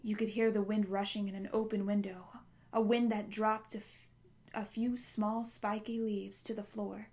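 A woman reads a novel aloud in a steady, even voice of ordinary middle height. Now and then she stumbles and corrects herself with small slips. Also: medium pitch, moderate pace. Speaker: audiobook narrator.

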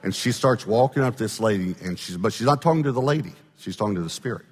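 Brief: male preacher, relaxed conversational sermon, deep-ish voice, big-room reverb. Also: fast, husky. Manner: conversational, checks in with the crowd often. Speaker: pastor. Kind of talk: sermon storytelling.

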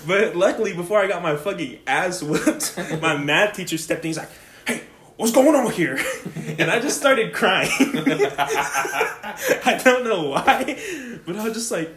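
A man's voice: sits high, expressive, unhurried, few pauses, a crowd in the background. A young man telling a rambling, profane story in casual chat, laughing often and saying "like" a lot. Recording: echoey room.

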